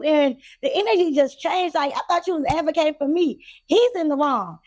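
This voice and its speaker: High animated woman telling a story. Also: quick pace. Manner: animated, acts out quoted people. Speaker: podcast co-host. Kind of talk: casual storytelling chat.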